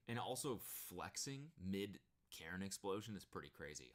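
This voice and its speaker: A man's voice: low-pitched, expressive, brisk, hardly any pauses. A man streaming live and reacting to a video with mocking, profane commentary and frequent laughter.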